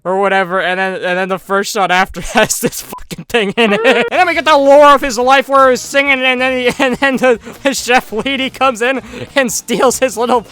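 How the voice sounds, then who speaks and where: High, bright-voiced sarcastic recap guy. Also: steady tone, clear, resonant tone, no room sound. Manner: sarcastic, rambling, crude jokes, quick voice switches for quoted characters. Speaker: comedic movie recap narrator. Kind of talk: fast comedic movie recap.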